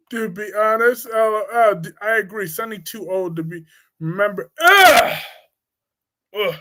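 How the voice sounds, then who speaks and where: A man hosting a live soap opera talk stream, chatting casually and answering chat comments in a blunt, crude, gossipy way with teasing outbursts. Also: sits high. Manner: teasing, quick swings in loudness.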